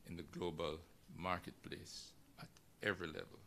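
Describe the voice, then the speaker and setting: A man with a very deep but forceful, bright-edged voice hosts a formal ceremony. He introduces speakers in a measured, gracious manner, with faint noise in the background. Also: little pitch movement, vocal fry. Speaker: ceremony moderator.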